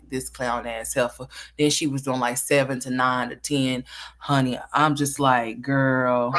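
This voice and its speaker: Commentary host, sassy, mocking, profane, mid-pitched. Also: fairly bright tone.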